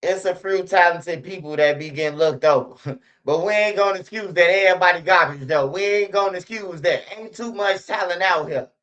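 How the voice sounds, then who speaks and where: A man's voice: high voice, a little fast, fairly bright tone, muffled recording. A man giving blunt, slangy commentary and mocking others with sing-song impressions. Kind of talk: ranting commentary.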